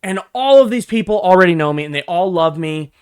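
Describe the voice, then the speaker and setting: A young man telling a workplace story in a casual, profane, animated rant, swinging between low mutters and loud bursts. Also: a little fast, clean tone. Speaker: vlogger.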